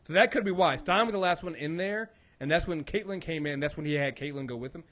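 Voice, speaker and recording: A man co-hosting a casual TV recap podcast, animated and prone to repeating words and swearing. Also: a little high, fast. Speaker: podcast co-host. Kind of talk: casual chat.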